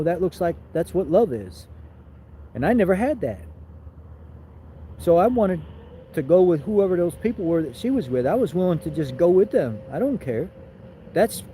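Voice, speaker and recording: A man's voice: a little high, big pitch swings, moderate pace, mellow, slight background noise, low-quality recording. A man vlogging, telling a personal story in a rambling, emotional way, often repeating his words.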